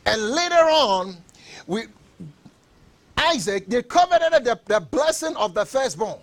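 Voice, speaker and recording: A man preaching a sermon with emphatic delivery, repeating phrases and bursting into shouts. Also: extremely high pitch, sing-song, slow pace.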